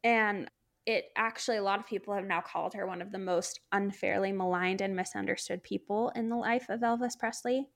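A woman's voice: mid-range voice, steady tone, fairly quick, creaky. A woman co-hosting a podcast in casual chat, talking with many "like" fillers and light laughs. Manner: chatty, frequent "like" fillers, laughs while talking. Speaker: podcast co-host.

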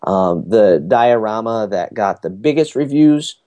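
A man's voice: fairly low pitch, expressive, a little slow, dark tone. A man, chatting casually and rambling through a family story with many fillers. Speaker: podcast guest recounting a family cruise. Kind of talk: casual chat.

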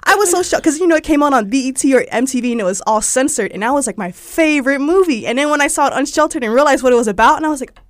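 A woman's voice: sits high, rapid-fire, few pauses, dry recording. A young woman from Georgia with a Southern accent, telling personal stories in a chatty interview with lots of "like" fillers. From Georgia, USA. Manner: chatty, frequent "like" fillers, animated quoted voices. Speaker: interview guest. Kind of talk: casual personal storytelling.

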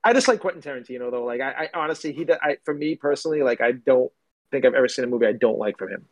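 A man's voice: medium pitch, racing, dry recording. A man in casual chat, rambling and swearing often.

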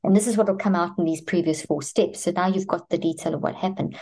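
A woman's voice: on the low side, fast, few pauses, warm tone. A woman guest expert on children's mental health, answering interview questions methodically, step by step. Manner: methodical, step-by-step, acts out parent and child dialogue.

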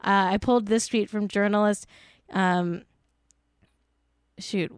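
A woman's voice: medium pitch, fairly even intonation, slow, clean tone, no room sound, clean studio sound. A woman hosting a show, talking casually with exasperation, swearing often and filling her speech with "like". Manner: exasperated, swears a lot, many "like" fillers. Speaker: podcast host. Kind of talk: casual commentary.

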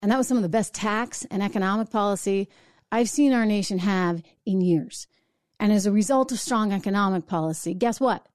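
A woman hosting a political talk show, talking in a brisk, sarcastic, conversational way. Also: mid-range voice, darkish tone, no echo, clean studio sound. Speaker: political commentary host. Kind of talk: opinionated solo talk show.

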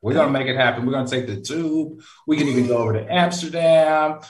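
A man's voice: on the high side, quick pace. A man, a brand strategist, chatting easygoing as co-host and laughing often. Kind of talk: casual chat. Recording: roomy, distant mic.

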